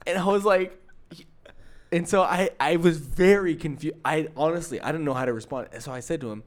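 A young man co-hosting a podcast, telling an exasperated story in a casual, animated way, full of fillers. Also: on the high side, a little fast. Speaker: podcast co-host.

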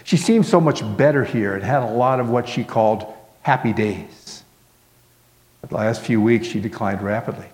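A man voicing a grieving young mother who speaks softly and falters. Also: mid-range voice, lightly acted. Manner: soft, faltering, halting. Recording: long hall reverb.

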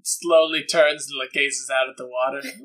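A man's voice: medium pitch, fairly even intonation, moderate pace, fairly bright tone. A man playing in a tabletop game, casual and swearing now and then. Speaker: player. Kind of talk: tabletop role-play chat.

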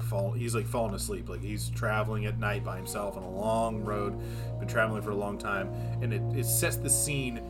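Rambling male film podcast host. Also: lowish voice. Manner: rambling, filler-heavy retelling of scenes. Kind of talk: casual film discussion.

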